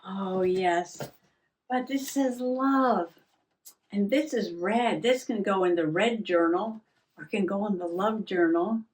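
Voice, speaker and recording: A woman hosting a relaxed, chatty journaling vlog at her craft table, musing aloud with soft laughs. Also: medium pitch, a little slow. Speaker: journaling vlogger. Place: home craft table indoors. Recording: voice a little distant from mic.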